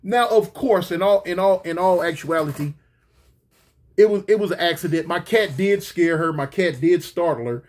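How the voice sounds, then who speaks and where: A man telling a funny story in a casual, slangy, animated way, getting loud and excited at the big moments. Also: sits high, normal speed. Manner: animated, slangy, rising to near-shouts at the peak.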